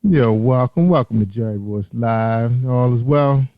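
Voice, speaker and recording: A man's voice: mid-range voice, unhurried. A male radio host talks in a loose, chatty way and catches his own slips as he goes. His voice comes through thin and tinny, like a phone line. There is no room echo at all. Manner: loose, chatty delivery with self-corrections. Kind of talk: online radio interview.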